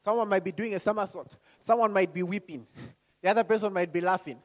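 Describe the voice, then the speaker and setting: A man preaching a sermon. He talks calmly and slowly, then rises to loud calls, asking the congregation questions and acting out voices. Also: sits high.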